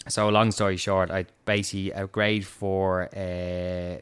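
A young Irish man telling a story in casual chat, animated, swearing and laughing often. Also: low voice, a little fast, hardly any pauses, smooth.

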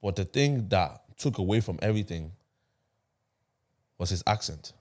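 A man in his twenties with an Irish accent, hosting a casual podcast chat, animated and repeating himself as he makes his point. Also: sits low, moderate pace. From Ireland. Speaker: podcast host.

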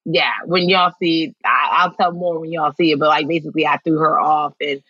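A woman guest in an interview, telling stories in a lively way, acting out what people said and laughing often. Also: sits low, fairly quick, breathy edge, dry recording, highs cut off. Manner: animated storytelling, acts out quotes, laughs often. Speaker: actress guest. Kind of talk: casual interview chat.

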